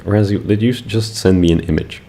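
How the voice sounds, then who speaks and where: Speaking fairly quickly, this young British ASMR streamer has a deep, gravelly, dark voice. He chats in a laid-back, giggly way with his live-stream viewers, rambling and using fillers.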